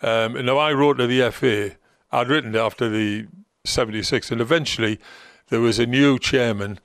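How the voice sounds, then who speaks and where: A man's voice: medium pitch, normal speed, fairly bright tone, no room sound, clean studio sound. An older man with a Geordie accent, a former football manager telling long rambling stories as a guest, with many ums and restarts. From North East England. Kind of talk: relaxed anecdotal storytelling.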